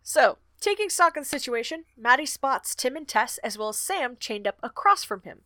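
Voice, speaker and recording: A woman's voice: sits high, big pitch swings, normal speed, bright, forceful tone, dry recording. Woman casually recapping a book chapter. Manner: summarizes chapters, laughs often. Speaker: podcast co-host recapping a book. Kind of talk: casual book podcast chat.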